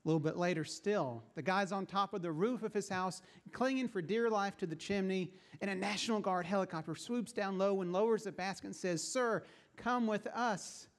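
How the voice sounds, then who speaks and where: A male pastor preaches in a relaxed, conversational storytelling manner. His voice sits slightly higher than most men's, and he varies his pace to draw listeners along. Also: a little fast, few pauses. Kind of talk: sermon.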